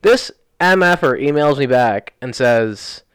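A young man co-hosts a podcast, rambling quickly through an animated story in casual chat and leaning hard on "like." His mid-range voice is clear and resonant, recorded on a studio podcast mic with no room sound.

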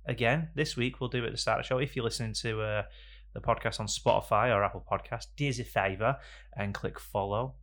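Guy hosting a podcast, low gravelly voice, jokey and rambling, gets loud sometimes. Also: fast talker, hardly any pauses. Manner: joking, rambling banter with sudden loud bursts. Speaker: podcast host. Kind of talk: casual chat. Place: podcast studio. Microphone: studio microphone.

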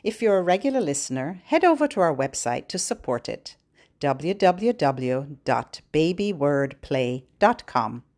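A woman hosting a podcast for babies, singing nursery rhymes and fingerplays in a playful, sing-song way and giving parents gentle instructions. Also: sits low, sing-song, measured pace.

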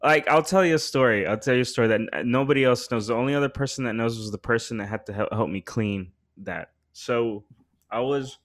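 Rambling, animated man telling a story. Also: medium pitch, brisk. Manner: rambling storytelling, heavy slang and swearing; animated, voice rising when worked up. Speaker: podcast host. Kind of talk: casual chat.

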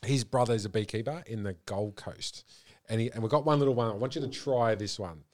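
A man's voice: on the low side, darkish tone. Easygoing male podcast host. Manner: affirming, easygoing, halting. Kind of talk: casual podcast conversation.

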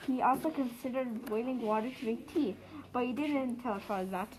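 A woman reading a children's picture book aloud in a plain, steady storytelling manner. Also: a little high, fairly quick, a little hiss or hum, poor audio. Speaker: storybook reader.

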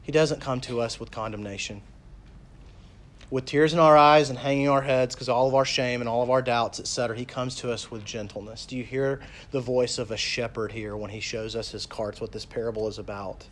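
A man preaching a sermon as a pastor, talking casually with lots of "like" and "you know", and reading scripture slowly and softly. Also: medium pitch, steady tone. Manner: conversational, with fillers like "like" and "you know".

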